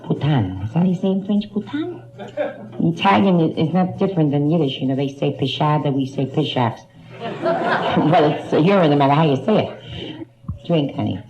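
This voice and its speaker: A woman's voice: low voice, animated, brisk, lo-fi sound, background noise. A woman doing bawdy stand-up comedy in a nightclub, trading jabs with hecklers and calling people honey, on a 1960s live album. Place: nightclub stage. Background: audience laughing.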